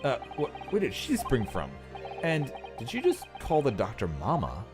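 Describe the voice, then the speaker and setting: A man's voice: medium pitch, wildly swooping pitch, moderate pace, music in the background, pitched above the performer's own voice. A man voicing an earnest young male lawyer in a game, polite and inquisitive.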